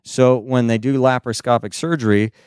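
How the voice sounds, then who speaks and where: A man's voice: medium pitch, fairly even intonation, a little fast, darkish tone, clear, resonant tone, no room sound, clean studio sound. A male stand-up comedian telling rambling, self-deprecating stories with lots of "uh" asides. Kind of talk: stand-up storytelling.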